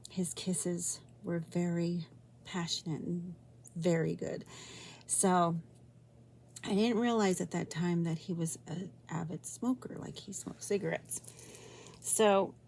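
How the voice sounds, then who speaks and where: Woman, vlogger, personal story, rambling, halting, emotional, mellow voice. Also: lowish voice, slight background noise. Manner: rambling, halting, with many restarts; emotional, drifting into soft near-whispers.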